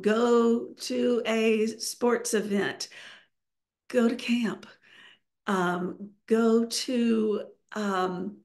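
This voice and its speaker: Woman presenter, gravelly voice, slow unhurried delivery, lots of ums, video call audio. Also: fairly high pitch. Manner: slow, with many fillers and restarts. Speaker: webinar presenter. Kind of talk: online webinar presentation.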